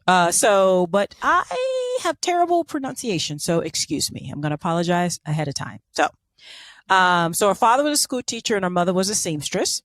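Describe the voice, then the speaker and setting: A woman's voice: fairly low pitch, no echo, studio quality. A woman co-hosting a podcast, telling a story in casual chat with sarcastic asides and lots of fillers. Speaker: podcast co-host.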